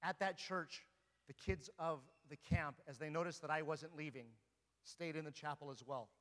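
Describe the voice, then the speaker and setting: Forceful, bright-voiced male priest in a reverberant church. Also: on the high side, moderate pace. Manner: earnest, preaching with repeated rhetorical questions. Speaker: Orthodox priest. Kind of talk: sermon. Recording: long reverb of a large hall.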